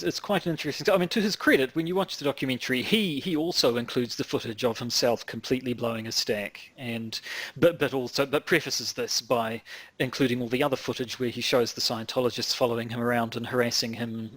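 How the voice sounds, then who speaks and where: A man's voice: mid-range voice, steady tone, fairly quick, fairly bright tone, no echo. A man from New Zealand co-hosting a casual podcast, talking in a rambling way with many restarts and fillers. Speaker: podcast co-host.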